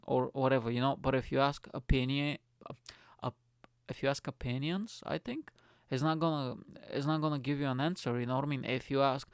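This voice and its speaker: A young man rants alone on his own podcast, swearing freely and wandering between tangents. His voice is smooth and resonant, and it sits close and dry on a studio microphone with no room sound. The pitch stays at an ordinary middle level for a man. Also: a little fast, dry recording. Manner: rambling, profane, animated storytelling. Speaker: podcast host. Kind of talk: casual solo podcast rant.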